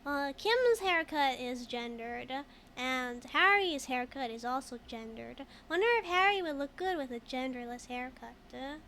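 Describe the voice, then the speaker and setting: A high-voiced woman chats casually while streaming a video game. She giggles a lot, reads the game text aloud and answers her chat. A faint hiss sits under her voice. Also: expressive, a little slow, sharp tone.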